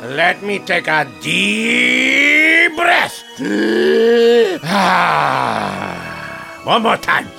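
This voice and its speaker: A man voicing a frantic middle-aged jewelry store owner who stammers and rushes his words in a comedy sketch. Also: high-pitched, huge pitch swings, vocal fry, sharp tone, soft background music, exaggerated voice. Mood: strained calm.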